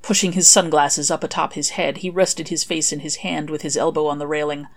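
Low-voiced woman reading her story. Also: little pitch movement, brisk. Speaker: author reading her fanfic. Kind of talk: audiobook narration.

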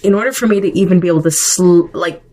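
A middle-aged woman with a notably low voice hosts a solo podcast episode. She talks casually and conversationally, and often drifts off on side remarks before returning to her point. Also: fast talker, dark tone, rough recording. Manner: conversational, chatty with digressions. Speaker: podcast host.

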